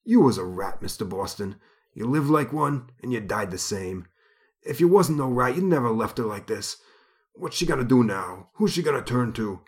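A man voicing a gruff, blunt circus strongman who talks in rough, ungrammatical speech. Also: mid-range voice, expressive, normal speed, close to an everyday voice. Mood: bitter.

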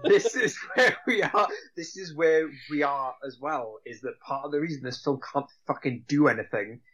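A man's voice: on the high side, normal speed, a bit bright, lo-fi sound. A man cohosting a casual film podcast, sardonic and sweary. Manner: sardonic, sweary, laughs often. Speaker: podcast co-host. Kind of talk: casual film review chat.

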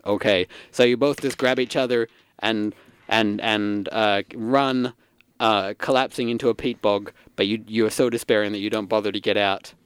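Brief: male game master, deadpan and brisk, smooth and resonant. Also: on the low side, dry recording. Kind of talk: improvised tabletop game narration. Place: studio.

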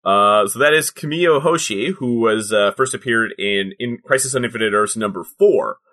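A man's voice: on the low side, normal speed, fairly bright tone. A man co-hosting a casual comedy podcast, explaining things in a rambling way with many fillers and frequent laughs. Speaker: podcast co-host.

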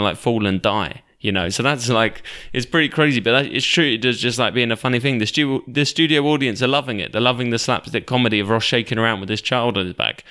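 A man's voice: medium pitch, pushed and bright, smooth. A young man hosting a podcast, recapping a sitcom episode in a rambling, opinionated way with lots of swearing. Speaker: podcast host.

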